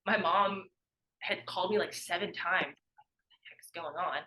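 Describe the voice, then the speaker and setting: A young woman, formerly a college athlete, tells stories on a podcast in a lowish voice that's bright and forceful at normal speed. Over poor audio she's chatty and heavy on "like," acting out what others said in this casual interview.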